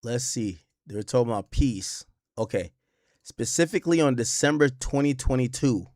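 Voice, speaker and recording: A man's voice: mid-range voice, normal speed, no room sound, studio quality. A young man hosting a stream, reacting in casual, swearing, repetitive commentary. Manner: animated, swears a lot, repeats phrases. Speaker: streamer host.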